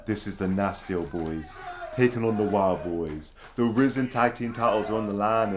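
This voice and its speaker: A man calling a wrestling match as play-by-play commentator, slangy and full of loud exclamations. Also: on the low side. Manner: shouty exclamations, slangy, laughs often.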